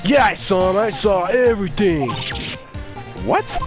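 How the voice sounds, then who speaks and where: Man doing a bratty young boy, high, shouty, swooping, indignant, game music behind. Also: lively intonation, a little slow. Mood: boastful. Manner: shouty, indignant, childish taunting. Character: bratty boastful young boy superhero fan. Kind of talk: voicing a game character aloud.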